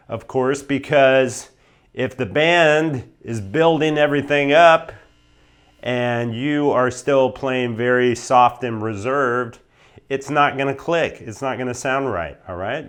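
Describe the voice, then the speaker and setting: An American man teaching blues guitar, talking in an emphatic, animated way and often checking in with "right?" and "okay?". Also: medium pitch, clear, resonant tone. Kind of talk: instructional talk to camera.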